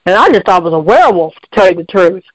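A woman's voice: fairly low pitch, big pitch swings, racing, no room sound, rough recording. A woman, calling in to tell a long story in a rambling, colloquial way with lots of restarts. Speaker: caller. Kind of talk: call-in storytelling.

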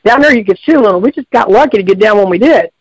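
A woman caller rambles through a long story, restarting her sentences and slipping into loose colloquial grammar. Her voice sits at a middling pitch and comes across dry and close, with nothing of the room around it. The call line is dull and lo-fi. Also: expressive, rapid-fire, darkish tone, slightly rough, no echo.

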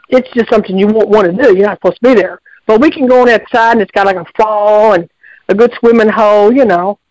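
A woman's voice: mid-range voice, a little mellow, no echo, muffled recording. A woman, calling in to tell a long story in a rambling, colloquial way with lots of restarts. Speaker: caller. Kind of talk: call-in storytelling.

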